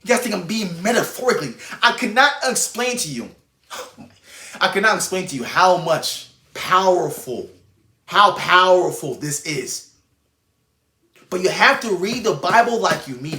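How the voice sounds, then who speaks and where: A man's voice: high voice, expressive, brisk, sharp tone, echoey room. A man preaching an informal, fiery sermon to camera, blunt and intense, swearing freely as he urges his listeners. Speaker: online Christian preacher.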